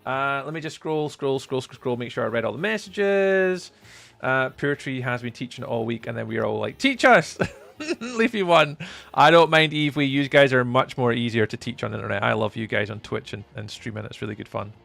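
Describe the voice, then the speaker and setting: A man livestreaming a game, casually reading his chat aloud and chatting back, with sudden excited bursts. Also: mid-range voice, brisk, vocal fry.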